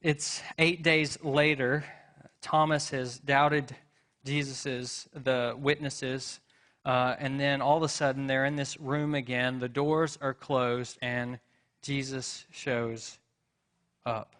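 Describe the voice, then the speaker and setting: A man's voice: mid-range voice, flat delivery, slow pace, a bit bright. Male pastor, sermon, casual storytelling, rhetorical questions, church. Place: church sanctuary.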